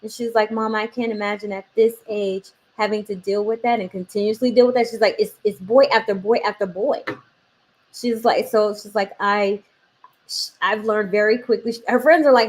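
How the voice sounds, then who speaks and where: A woman in her forties talks through a personal story in relaxed conversation, her voice sitting slightly high. She keeps acting out what others said, shifting her delivery for each quote. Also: normal speed. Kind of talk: casual conversation.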